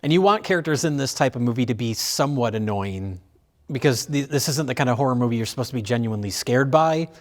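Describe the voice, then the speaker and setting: A man's voice: mid-range voice, animated, quick pace. A man hosting a film review show, chatting casually with fillers and restarts. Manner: rambling, many fillers and restarts, laughs easily.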